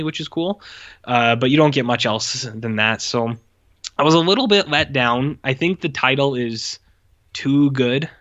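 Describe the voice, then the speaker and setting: A man's voice: medium pitch, fairly bright tone, dull audio. A man co-hosting a podcast, recapping a movie in loose casual chat full of fillers. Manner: rambling, loose, lots of fillers. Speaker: podcast co-host.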